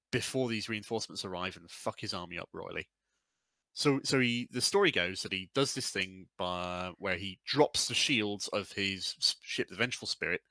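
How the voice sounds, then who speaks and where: A man's voice: fairly low pitch, pushed and bright, dry recording. A man co-hosting a casual podcast, telling a sweary, rambling story. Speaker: podcast co-host. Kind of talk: casual lore chat.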